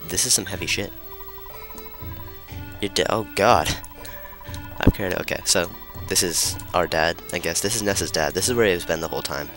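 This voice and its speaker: A man with a low voice gives irreverent let's play commentary, swearing and cracking jokes as he plays. He keeps his voice somewhat hushed in a room at home, though its tone stays bright and forceful. Soft music plays underneath. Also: moderate pace, long pauses. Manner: irreverent, joking, swears freely. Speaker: gamer.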